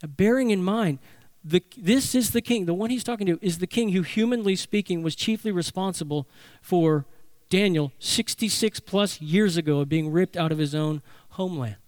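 A man's voice: high voice, normal speed, no room sound. A man preaching a sermon as a pastor, delivering it animatedly. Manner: animated preaching, acting out voices for emphasis.

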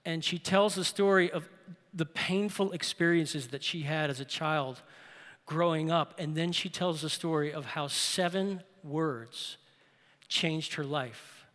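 A pastor delivers a sermon full of stories, sinking low and slow to stress a point, then growing loud as he exhorts. The sound is that of a big room.

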